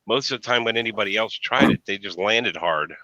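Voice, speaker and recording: An American man chatting casually online, telling rambling stories with animated retellings. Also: on the low side, a little fast, dry recording. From United States. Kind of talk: casual chat.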